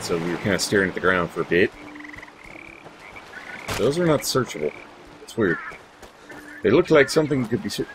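Hosting a let's play, a man gives casual, chatty gameplay commentary and swears freely as he talks to his in-game companions. His voice is on the low side, against a noisy background of video game music.

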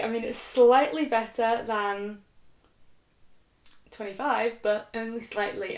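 A woman's voice: a little high, darkish tone. A young British woman vlogging about books, chatty and self-mocking as she reads a list aloud. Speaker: book vlogger. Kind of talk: casual chat. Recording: echoey room.

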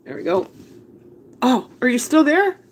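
Slow-talking woman cooking live. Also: sits high, big pitch swings. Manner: chatty, laughs often, talks to viewers by name. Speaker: home cook hosting a live stream. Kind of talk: casual live cooking stream. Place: home kitchen. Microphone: phone camera.

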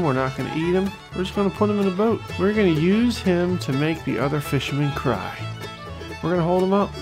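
A man hosting a fishing game let's-play, joking and talking the viewer through each cast with sudden bursts of excitement. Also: fairly high pitch, gravelly. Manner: jokey, excitable, talks to the viewer. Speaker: gaming channel host.

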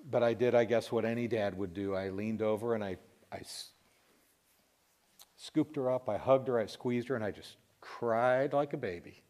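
A man's voice: fairly low pitch, darkish tone. Emotional man telling a painful story. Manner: emotional, voice breaking, pausing and restarting. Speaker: Christian radio host telling a personal story. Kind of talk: emotional personal testimony.

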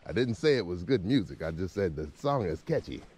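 A man in his thirties vlogging casually outdoors while walking, excited and informal, often chuckling. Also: deep voice, background noise. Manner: excited, exclaiming and chuckling, drawn-out asides; relaxed informal talk with slang. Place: outdoors in snowy woods by a creek.

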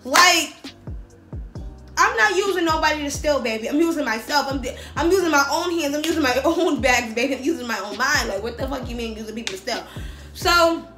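A young woman, telling a story on her vlog in a slangy, profane, animated way. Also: high-pitched, fast. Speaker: vlogger. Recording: echoey room with faint music.

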